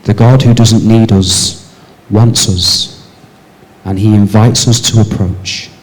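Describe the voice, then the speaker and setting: Male pastor, church sermon, rhetorical questions, shifts between forceful and soft delivery. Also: steady tone, slow, low-quality recording. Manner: asks the congregation rhetorical questions; moves between raised emphatic lines and soft low passages.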